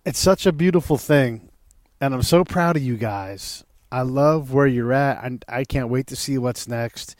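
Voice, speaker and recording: A man's voice: mid-range voice, measured pace, darkish tone, no echo, studio quality. A man hosting a casual interview, openly emotional and heartfelt. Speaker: podcast host.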